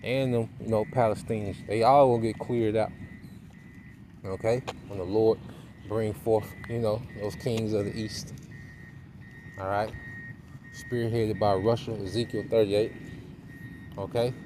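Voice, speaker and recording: Man, low voice, casual preacher, scripture reading, traffic noise behind. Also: steady tone. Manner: punctuates with tag questions and "man"; reads verses aloud more slowly. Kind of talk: informal sermon with scripture reading.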